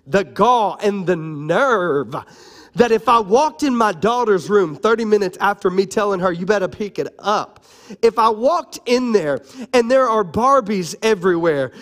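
A pastor in his thirties preaching a sermon, fairly high-voiced for a man and a little hoarse from cough medicine. He talks in a casual, joking way, with lively swings between loud, punchy lines and quiet, mumbled asides. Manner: animated, conversational and joking, lively shifts between loud and soft.

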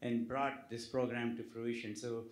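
A man's voice: mid-range voice, flat delivery, unhurried. A man, a physician with a non-native English accent, giving humorous closing remarks at a conference, hesitating with many fillers and restarts. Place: conference hall. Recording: echoey conference hall.

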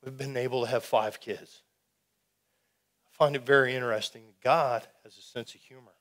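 A middle-aged man giving an animated, folksy testimony sermon to a youth rally, calling out to the crowd. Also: medium pitch, moderate pace. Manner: animated, folksy, audience call-and-response.

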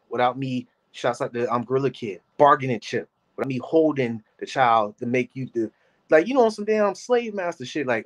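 A man in his thirties giving casual reaction commentary, animated and rambling, talking to his chat by name. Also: mid-range voice. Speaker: commentary host.

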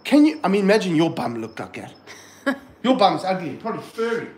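Wildlife host, male, fairly high voice, passionate and earnest, slightly distant mic in a roomy space. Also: a little fast. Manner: earnest, passionate, animated while handling snakes. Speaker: wildlife presenter. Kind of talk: casual livestream talk.

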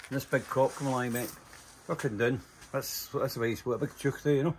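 A man's voice: medium pitch, fairly even intonation, brisk, a little hiss or hum. An older Scottish man telling rambling, profane stories in casual conversation, full of fillers and asides. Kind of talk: casual storytelling.

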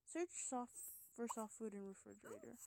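A woman's voice: fairly high pitch, lively intonation, moderate pace, creaky, noisy background. A young woman in casual gameplay commentary, chatty and giggly, her voice tired, rambling and sometimes dropping to a whisper. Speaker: gameplay video host.

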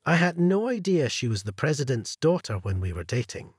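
A man reading an earnest young husband in a spoken story, with a husky voice that moves lively in pitch. The sound is dry and close. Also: a little fast, no echo.

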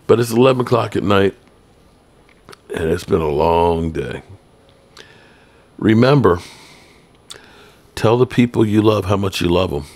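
A man's voice: deep voice, animated, measured pace, pauses often, a little mellow. A middle-aged man hosting a sports podcast, giving blunt, rambling commentary in a tired late-night way. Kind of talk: casual solo commentary.

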